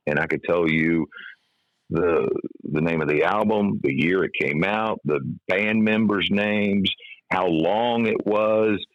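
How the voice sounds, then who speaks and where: Deep gravelly man with a radio voice. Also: no echo, dull audio. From Kentucky. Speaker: guest, comic hypnotist and former radio DJ. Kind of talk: casual interview storytelling.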